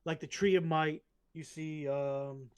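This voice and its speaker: A man with a somewhat higher voice who speaks haltingly in casual podcast chat. He leans on filler words and often trails off mid-thought. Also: fairly even intonation, clean tone. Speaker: podcast co-host.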